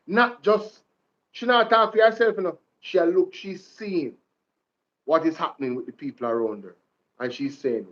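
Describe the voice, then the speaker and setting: A Jamaican man hosts political commentary in a slightly high voice. He repeats his points and calls out to his viewers like a preacher. The sound is dull and lo-fi. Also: moderate pace. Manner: preacher-like, repeats lines, addresses viewers as "ladies and gentlemen" and "Jamaica". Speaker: commentary vlog host.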